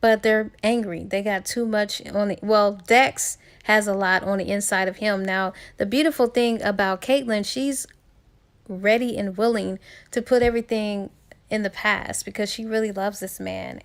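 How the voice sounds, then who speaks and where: A woman casually retelling a book's plot in a chatty way, with fillers and restarts along the way. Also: medium pitch. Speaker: book reviewer.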